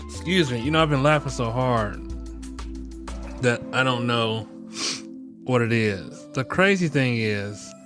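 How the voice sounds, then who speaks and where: A man's voice: medium pitch, slow, pauses often, music in the background. A middle-aged man hosting a podcast, joking and ranting with profanity, often breaking into laughter. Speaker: podcast host. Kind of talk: casual podcast commentary.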